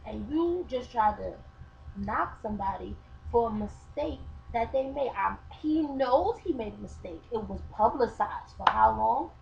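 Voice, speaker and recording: A woman's voice: fairly high pitch, lively intonation, unhurried, creaky. A woman chatting in a casual vlog, telling a story with mocking asides. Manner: storytelling, mocking, acts out quotes. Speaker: vlogger. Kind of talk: casual opinion chat. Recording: dull lo-fi webcam sound with faint hiss.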